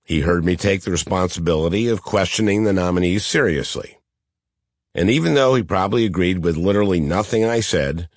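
A middle-aged man with a nasal Midwestern twang and a low, deep voice narrates his memoir as an audiobook. His delivery is dry and deadpan. The sound is close and dead, with no room echo. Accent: Midwestern American. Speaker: senator reading his own memoir.

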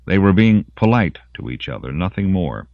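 A man narrating an audiobook in an expressive storytelling manner. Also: sits low, moderate pace, dry recording. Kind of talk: scripted narration. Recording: dry, muffled lo-fi audiobook.

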